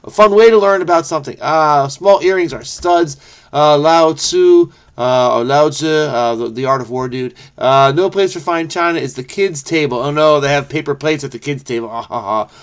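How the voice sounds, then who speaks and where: A man solving a crossword aloud, muttering clues to himself and breaking into sudden excited outbursts. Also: on the high side, moderate pace, clean tone. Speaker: crossword solver, channel host. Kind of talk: casual think-aloud puzzle solving.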